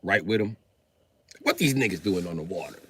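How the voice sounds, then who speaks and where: A male comedian doing a crude, brash stand-up bit, loudly acting out characters and exchanges. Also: low-pitched, lively intonation, fairly quick, a little hiss or hum.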